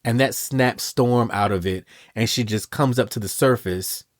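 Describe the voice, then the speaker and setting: A man's voice: mid-range voice, normal speed, slight background noise. A man hosting a podcast, casually retelling a comic story in a chatty style and acting out the characters' lines. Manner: chatty storytelling, retells scenes with "and she goes". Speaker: podcast host. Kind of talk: casual comic-book recap.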